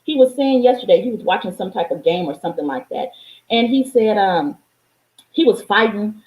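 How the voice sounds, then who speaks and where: Addressing her viewers directly, a life coach who is mother to a young child preaches with emphasis in a motivational vlog, swearing liberally and repeating lines to drive them home. She speaks at a moderate pace in a medium, a little mellow voice with lively intonation; the recording is roomy and rough.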